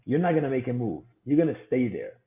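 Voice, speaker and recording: A man's voice: medium pitch, sing-song, fast talker. A male podcast guest talks casually and likes to act out the people in his anecdotes. His voice comes through a narrow, phone-like line, and the room around him has a noticeable echo. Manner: storytelling, acts out quoted voices. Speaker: podcast guest, business coach. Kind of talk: casual interview talk with acted-out anecdotes. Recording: echoey room over a tinny phone-like line.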